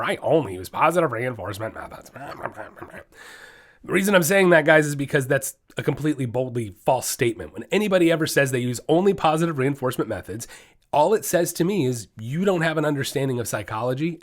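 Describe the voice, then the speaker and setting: A man hosting his own dog training podcast, talking solo in an emphatic, fired-up way that often slides into ranting. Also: mid-range voice.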